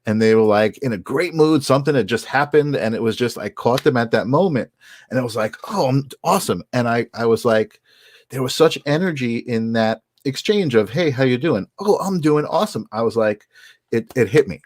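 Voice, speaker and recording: A man's voice: mid-range voice, lively intonation, a little fast, a little mellow. A man co-hosting a casual talk show, telling a personal story in an earnest, upbeat way. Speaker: podcast co-host. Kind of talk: casual conversation.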